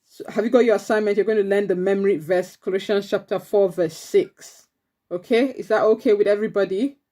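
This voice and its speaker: A woman's voice: mid-range voice, steady tone, fairly quick, dark tone. Woman teaching a preteen church class. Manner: encouraging, repeats children's answers. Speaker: Sunday school teacher.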